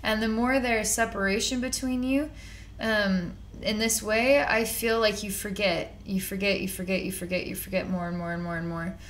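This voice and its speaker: This psychic reader, a woman, delivers her reading off the cuff, wandering, circling back with repeated words, and dropping slang in a chatty manner. Her medium-pitched voice is steady and a bit bright at a moderate pace. A little hiss or hum is audible.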